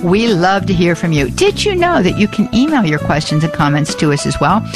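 A woman hosting a live call-in radio show, chatty and animated, who spells out words and repeats the phone number slowly. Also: lowish voice, over music.

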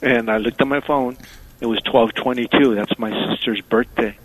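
A male caller on a talk radio program, speaking in a halting way full of pauses and fillers. His voice sits at a middle pitch, and the sound is dry and close. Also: fairly even intonation, no echo, low-quality recording. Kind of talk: call-in radio chat.

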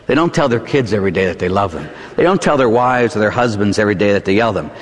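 A middle-aged man with a Pittsburgh accent delivers a sermon as a Catholic priest, his voice rising and falling in a lively, animated way. He preaches conversationally and keeps checking in with the congregation through quick tag questions. His words ring out with the long reverb of a large church. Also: on the low side.

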